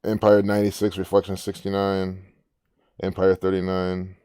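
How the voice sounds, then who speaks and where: A man's voice: low voice, completely flat delivery, moderate pace, mellow, smooth, dry recording, studio quality. A man hosting a casual commentary, rambling and musing aloud with frequent restarts. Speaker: gematria channel host.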